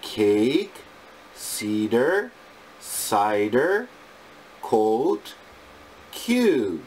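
A male English teacher reciting phonics sounds and words one at a time in a deliberate, clipped drill. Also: mid-range voice, sing-song, a little mellow, slight background noise.

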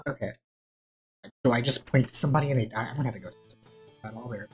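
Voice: mid-range voice, fast, faint music behind. A let's play streamer giving casual, joking commentary with self-mocking asides while playing a game.

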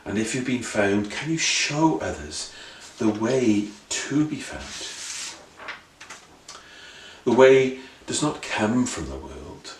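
A man's voice: fairly low pitch, big pitch swings, slow pace, a little hiss or hum. A man preaching an earnest sermon full of rhetorical questions and repeated phrases. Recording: roomy sound, voice from a distance.

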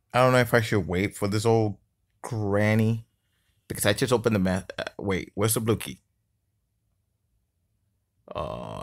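A man with a low, deep voice talks through a mobile game he is playing, in loose, casual commentary. He sounds exasperated, grumbles and curses at the game, and now and then mocks the enemy. It is picked up on a phone microphone. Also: gravelly. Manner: taunts the game enemy mockingly. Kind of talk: casual let's-play commentary. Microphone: phone screen-recorder mic.

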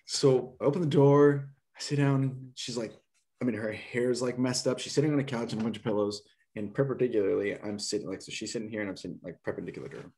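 A young man from Nebraska, a podcast guest, telling an animated, rambling story full of "like" and restarts. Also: mid-range voice, fast. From Nebraska, USA. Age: young adult. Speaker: podcast guest, door-to-door book seller.

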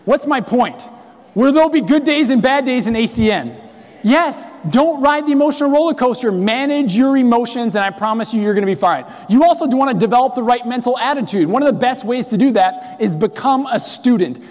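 A man with a high voice gives an energetic motivational seminar talk in a hall, his words ringing out with a long reverb. He tells his stories lively and acts out the voices of the people in them. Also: a little fast. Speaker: business trainer.

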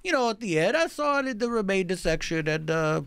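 A man's voice: high voice, sing-song, a little fast, gravelly, fairly bright tone, clean tone, no echo, heavily acted. A man voicing a brash middle-aged male celebrity baker with a put-on Italian-American accent and broken, pompous talk. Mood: boastful. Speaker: comedian guest.

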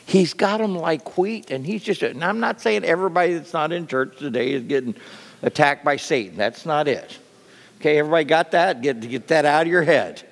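A man preaching a sermon with lively, animated delivery that drops to soft near-whispers. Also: on the high side, brisk, creaky, long reverb tail. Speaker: pastor.

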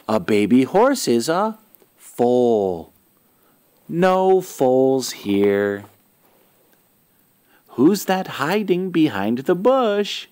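Slow, lively man reading to kids. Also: medium pitch. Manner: asks the listeners questions, sounds out animal noises. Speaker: storyteller for children. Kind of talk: reading a picture book aloud to kids.

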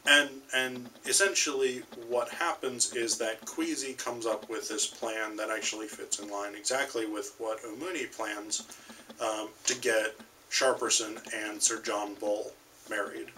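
A man's voice: lowish voice, fairly even intonation, a little slow, pushed and bright, far from the mic, slight background noise, poor audio. A man giving a video lecture on a short story, talking hesitantly with many ums and restarts.

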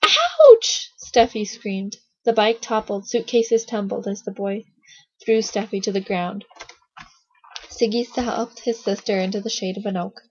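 A woman reading a children's novel aloud, in a steady storytelling manner with small slips. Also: mid-range voice, a little slow, slightly rough. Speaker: reader, narrator. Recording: dull lo-fi recording.

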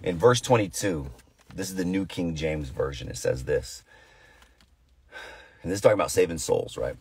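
A man in his thirties, a pastor giving a devotional talk, telling stories with animated, acted-out voices. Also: low voice, normal speed, slight background noise. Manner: animated storytelling, acting out voices. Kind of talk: devotional sermon.

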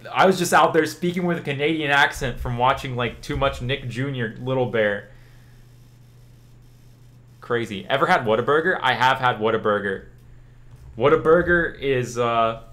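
Chatty young man streamer from Louisiana. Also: medium pitch. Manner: chatty and relaxed, answers chat questions, says "like" a lot. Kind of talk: casual chat with stream viewers.

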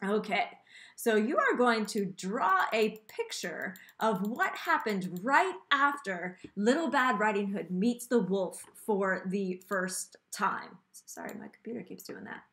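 A woman's voice: mid-range voice, very animated, takes it slowly, fairly bright tone. A woman teacher reading a storybook aloud and patiently explaining a task to her class over a computer. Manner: patient, explaining, repeats instructions.

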